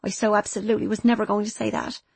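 A woman's voice: mid-range voice, level tone, racing, creaky, a little mellow, breathy edge, no echo. A woman voicing a remorseful young mother who talks earnestly and insistently in an audiobook. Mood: apologetic. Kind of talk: audiobook character voice.

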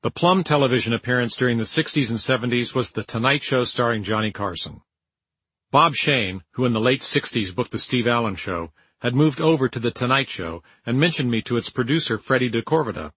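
An older man reading his own memoir aloud in a dry, wry, measured storytelling manner. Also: medium pitch, animated, a bit bright, slightly rough, no echo, low-quality recording. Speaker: memoir narrator. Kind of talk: audiobook memoir narration.

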